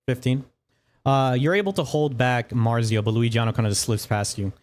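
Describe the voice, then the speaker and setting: A man's voice: medium pitch, steady tone, moderate pace. A man narrating as game master of a tabletop game, talking loosely with profanity and frequent laughs.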